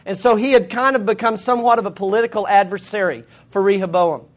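A man's voice: sits high, fast. A man preaching a sermon, retelling scripture in casual everyday slang. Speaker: pastor.

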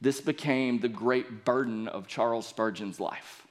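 A man's voice: mid-range voice, measured pace. A young man preaching a sermon, reading scripture aloud and building earnestly to emphatic points. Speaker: pastor.

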